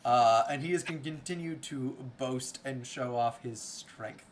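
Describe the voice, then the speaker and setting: A man acting as game master of a tabletop game, reading out rules in a relaxed way with many fillers. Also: mid-range voice, a little slow, slight background noise.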